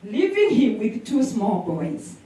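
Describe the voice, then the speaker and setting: A woman preaching a sermon, animated, with repetition and call-and-response. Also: fairly high pitch, slow pace. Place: church sanctuary. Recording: echoey hall from a distance.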